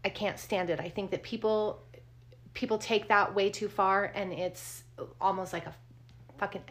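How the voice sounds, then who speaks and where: A woman's voice: medium pitch, fairly even intonation, normal speed, a bit bright. A woman co-hosting a true crime podcast, talking casually, blunt and indignant, and swearing freely. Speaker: podcast co-host.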